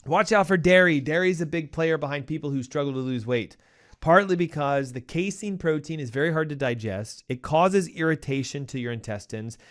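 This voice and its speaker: A man's voice: on the high side, a little fast. A man hosting a health advice show, talking emphatically and punchily straight to his listeners. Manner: acts out a panicking cardiologist in a raised voice. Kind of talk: energetic health advice talk.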